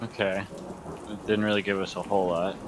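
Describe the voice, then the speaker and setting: A man's voice: deep voice, level tone, brisk, background noise. A man playing a tabletop role-playing game, casual and wry, half in character. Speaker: player.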